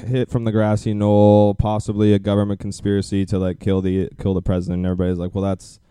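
Low-voiced rambling male podcast host. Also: completely flat delivery, fast talker, warm tone, clean tone, no room sound. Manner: rambling, many fillers and restarts. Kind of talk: casual chat.

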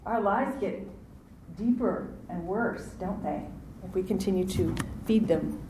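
A woman's voice: mid-range voice, measured pace, a little hiss or hum. Woman preaching in an echoey room. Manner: animated, acts out quoted voices, asks audience to respond. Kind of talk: sermon.

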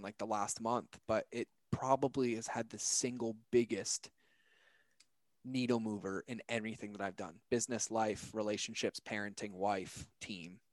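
A man's voice: on the low side, dry recording. A man, a podcast guest, telling a personal story in an earnest, emphatic way and acting out the quotes.

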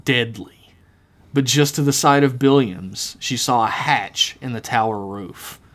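A man's voice: medium pitch, fairly even intonation, unhurried, a bit bright. A man co-hosting a podcast, reading his own horror story aloud dramatically and laughing at his own jokes. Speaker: podcast co-host.

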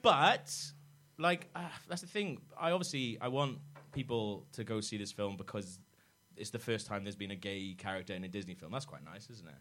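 A young man hosting a podcast, telling a story in casual comedic chat with swearing, constant laughter and quick asides. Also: fairly low pitch, lively intonation, a bit bright, slight background noise. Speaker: podcast host.

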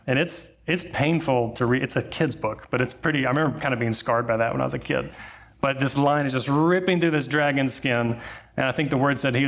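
A man's voice: mid-range voice, vocal fry, a bit bright. Guy preaching like he's chatting, tells stories, says um and right a lot, regular middle voice. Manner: conversational storytelling with fillers and asides. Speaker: pastor. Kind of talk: sermon.

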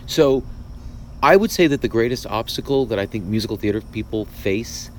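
A man's voice: medium pitch, normal speed, slight background noise. A man, a playwright hosting a podcast, speaking thoughtfully in casual conversation with frequent restarts. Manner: thoughtful, restarts often, animated asides.

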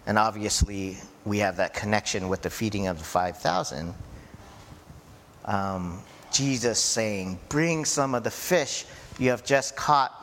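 A man preaching a sermon in a slow, conversational way, often checking in with his listeners. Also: medium pitch, a bit bright. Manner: slow, conversational preaching with frequent "right?" and "you know". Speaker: pastor. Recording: echoey hall with faint ambient noise.

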